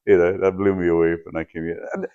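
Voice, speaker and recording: A man's voice: low voice, little pitch movement, fast talker, clear, resonant tone, dull audio. A man hosting a podcast, asking rambling questions and searching for his words. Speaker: podcast host. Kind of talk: casual podcast conversation.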